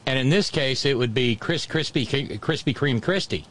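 A man's voice: mid-range voice, normal speed, fairly bright tone. A man hosting a talk show, chatting about politics in a wry, digressive way and chuckling at his own jokes.

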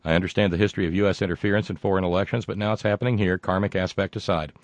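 An older American man with a somewhat low voice reads listener mail on his show. His delivery is wry and digressive, with plenty of asides. The recording is dry and close, with no room sound. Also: steady tone, racing, dry recording. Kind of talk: casual talk show.

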